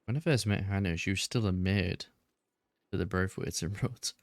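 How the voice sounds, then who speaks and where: Deep-voiced man, laid-back roleplay chat. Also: normal speed, no room sound, clean studio sound. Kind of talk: in-character casual chat.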